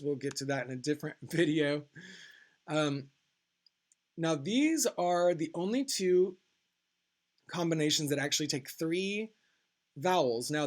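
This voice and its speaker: A young man giving a pronunciation lesson in a slightly raised voice. He speaks slowly and deliberately, enunciating each example word with care. Between the examples he explains things in a relaxed, casual way. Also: a little high. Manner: slow, careful, enunciating example words. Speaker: French teacher.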